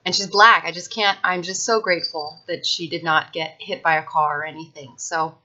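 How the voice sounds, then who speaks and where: Woman, casual personal talk, emphatic and blunt, lots of restarts, tense bright tone, dull recording. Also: lowish voice, fairly even intonation, normal speed. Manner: frank and emphatic, with frequent fillers and restarts. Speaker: vlogger sharing personal experience.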